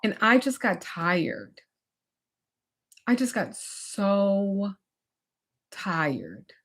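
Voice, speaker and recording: A female spiritual teacher and life coach shares personal stories within a teaching talk, speaking frankly and emphatically in a casual way. Her mid-range voice moves extremely slowly and swings from animated to drained.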